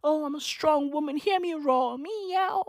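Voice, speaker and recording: A woman's voice: high voice, measured pace, dry recording, clean studio sound, voice pushed up. A woman putting on a sarcastic, mocking impression of a boastful woman who calls herself tough. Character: boastful self-styled tough woman, mocked.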